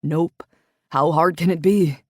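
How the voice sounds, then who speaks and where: A woman voicing a steady, dry-humored young man who speaks in short, understated lines. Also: on the high side, slow, no room sound. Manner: terse, understated.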